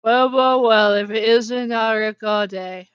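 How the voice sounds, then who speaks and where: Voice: medium pitch, steady tone, slow, fairly bright tone, clean tone, no echo. A reader doing a smug Irish-accented villain. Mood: gloating. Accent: Irish, put on. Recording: dull lo-fi recording.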